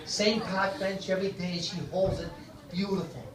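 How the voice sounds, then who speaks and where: A man's voice: high voice, little pitch movement, normal speed. A man telling stand-up jokes and hosting a comedy club night, acting out both sides of each joke. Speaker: comedy club host and comic. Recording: echoey club from far off. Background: laughing crowd.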